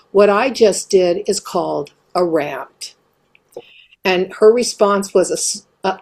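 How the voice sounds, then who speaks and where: Woman telling a story in an animated monologue. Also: medium pitch. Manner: animated, reads quotes aloud. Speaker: host. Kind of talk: casual monologue.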